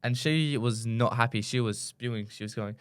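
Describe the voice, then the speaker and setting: A man's voice: mid-range voice, moderate pace, clean tone. A young Australian man co-hosting a podcast, chatting casually and telling a rambling story with many restarts. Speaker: podcast co-host. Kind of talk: casual chat.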